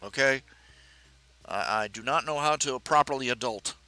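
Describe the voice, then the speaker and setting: A middle-aged man hosting a live stream, talking casually and haltingly with many fillers and restarts. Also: mid-range voice, bright, forceful tone, no room sound, soft background music.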